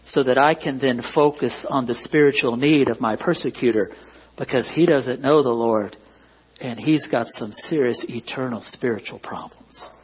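A man's voice: medium pitch, moderate pace, husky, lo-fi sound. A man preaching a conversational sermon as pastor, often asking the congregation to agree. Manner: conversational, self-deprecating, asks the congregation for agreement. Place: church.

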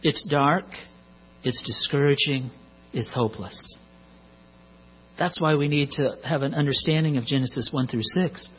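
A man's voice: medium pitch, normal speed, long pauses, slightly rough. A middle-aged man preaching a sermon in a conversational way, with joking asides, on a muffled recording with mains hum.

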